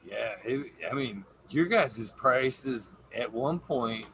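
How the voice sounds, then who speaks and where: A man's voice: mid-range voice, lively intonation, slow, a bit bright. A man hosting a casual stream, easygoing, asking his guest questions and swearing now and then. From Michigan. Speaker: podcast host. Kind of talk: casual livestream chat. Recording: clear background noise.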